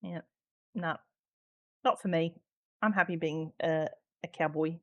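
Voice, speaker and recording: A woman's voice: low voice, fairly even intonation, measured pace, lo-fi sound. An Australian woman chatting casually as a podcast guest, talking freely with lots of ums, swearing and laughter. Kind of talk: casual chat.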